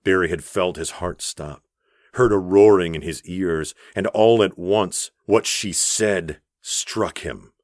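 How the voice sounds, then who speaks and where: A man narrating an audiobook in a measured, even storytelling voice on a close studio mic. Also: low-pitched, no room sound. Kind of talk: scripted narration.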